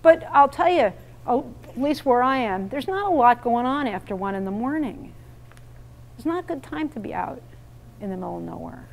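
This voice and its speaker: A woman's voice: fairly high pitch, expressive, normal speed, gravelly, slight background noise. A woman presenting an interactive parenting workshop, speaking emphatically and questioning her audience in a meeting room. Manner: emphatic, quizzes the audience, role-plays lines to kids.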